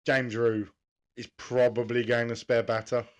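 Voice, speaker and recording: A man's voice: mid-range voice, flat delivery. Laid-back man chatting casually. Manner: laid-back, swears casually, quick to laugh. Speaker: podcast co-host. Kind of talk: casual chat about cricket.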